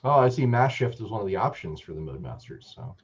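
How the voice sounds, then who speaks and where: Husky cohost on a dull, lo-fi line. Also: male voice, on the low side, sing-song, quick pace. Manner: dry, sarcastic quips. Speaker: podcast cohost. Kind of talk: casual podcast banter.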